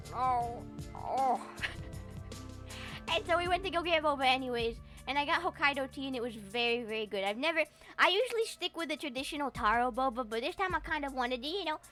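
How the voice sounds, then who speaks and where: Bright-voiced, high young woman streamer. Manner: animated, profane, rambling with frequent fillers. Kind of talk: casual livestream chat.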